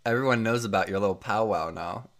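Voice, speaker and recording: A man hosting a podcast over a video call, joking and teasing his co-host in easy casual chat. His voice sits a little low. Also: fast, fairly bright tone.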